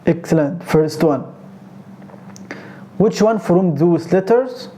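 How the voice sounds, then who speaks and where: A native Arabic-speaking man with an Egyptian accent leads a beginner pronunciation lesson. He talks very slowly and says each sound over and over, correcting common mistakes as he goes. His voice is soft and dark, and a faint background noise sits under it. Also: high voice, animated. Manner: slow, repetitive drilling of sounds, corrective. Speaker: Arabic teacher.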